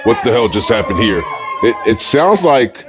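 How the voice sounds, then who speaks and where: A man calling play-by-play for an indie wrestling show, excitable and joking, rising to shouts. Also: medium pitch, moderate pace, muffled recording, over music. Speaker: wrestling commentator. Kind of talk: play-by-play commentary.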